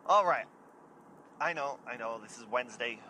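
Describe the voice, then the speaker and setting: A chatty man hosts his own show and spins a casual yarn about his own misadventures. His voice is bright and forward, and a faint hiss sits under it. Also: mid-range voice, animated, moderate pace, rough recording. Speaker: podcast host. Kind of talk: casual storytelling.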